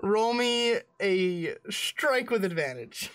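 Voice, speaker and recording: A woman's voice: medium pitch, very animated, takes it slowly, soft background music. A woman narrating a tabletop game as game master, casual and crude.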